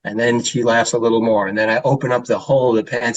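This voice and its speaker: A man's voice: medium pitch, level tone, quick pace, dry recording, poor audio. A middle-aged man who works as a child therapist, giving a presentation talk with slides and telling stories in an informal way with fillers, now and then putting on children's voices.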